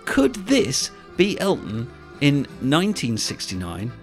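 Lively-voiced man hosting a podcast. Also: mid-range voice, faint music behind. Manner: measured, even-handed presenting. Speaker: podcast host. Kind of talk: scripted podcast narration.

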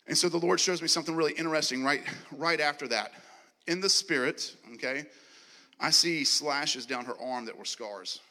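A man preaching a sermon as he tells a story, acting out the dialogue and laughing and clearing his throat often. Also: a little high, normal speed, pushed and bright. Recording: long hall reverb.

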